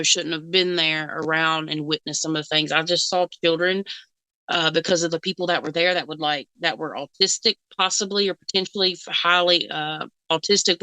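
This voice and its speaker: Woman rambling in casual chat, lots of um and like, giggly, smooth clear voice, dry close sound. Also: deep voice, pushed and bright, dry recording, rough recording. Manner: giggly, rambling, many fillers and restarts. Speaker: psychic co-host.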